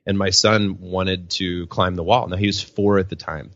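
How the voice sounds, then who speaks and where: This low-pitched man, a professional speaker guesting on a podcast, tells personal stories at a moderate pace. He's animated and acts out quotes in a raised voice. The audio is dry and muffled.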